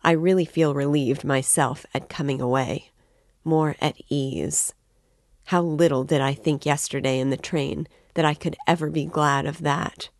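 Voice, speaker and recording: A woman's voice: low voice, steady tone, measured pace, darkish tone, no echo, clean studio sound. A woman reading the part of a proud, curt young woman in a novel. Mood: soothing. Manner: firm and curt.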